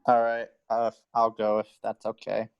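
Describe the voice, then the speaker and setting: A man's voice: on the low side, completely flat delivery, normal speed, vocal fry, clear, resonant tone, highs cut off. A man taking part in an online discussion, hesitantly asking a curious question on a video call.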